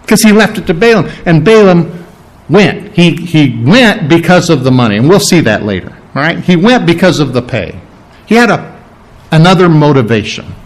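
A man's voice: mid-range voice, low-quality recording. A male preacher telling a Bible story in a conversational sermon, with many restarts.

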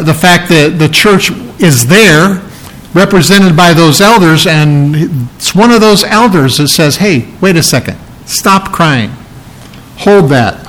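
A man's voice: sits high, a bit bright, low-quality recording. A man preaching a sermon, reading Bible verses aloud and explaining them earnestly. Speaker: pastor.

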